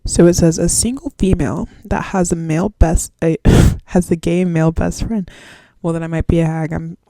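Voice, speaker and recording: Gravelly young woman podcasting. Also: lowish voice, fairly even intonation, moderate pace, warm tone, no room sound. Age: 20s. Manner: rambling, slangy, swears freely. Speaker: podcast host. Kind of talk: casual solo podcast chat.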